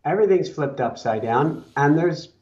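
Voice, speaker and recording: A man's voice: a little high, expressive, moderate pace, darkish tone, a little hiss or hum. Easygoing man on dull lo-fi audio. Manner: easygoing, chuckling often. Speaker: podcast guest. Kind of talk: casual chat.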